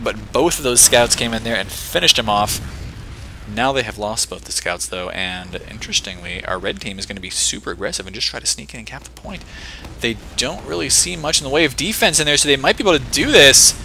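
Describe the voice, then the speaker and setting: A man giving live play-by-play commentary on a competitive video game match, excitable and full of joking asides. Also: on the low side, brisk, a little hiss or hum. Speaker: esports shoutcaster.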